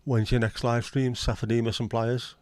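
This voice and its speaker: A man's voice: mid-range voice, little pitch movement, normal speed, a little mellow, no room sound. A middle-aged man chatting casually on his livestream, joking and answering viewers' messages. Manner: easygoing, jokey, responds to chat messages. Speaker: livestream host.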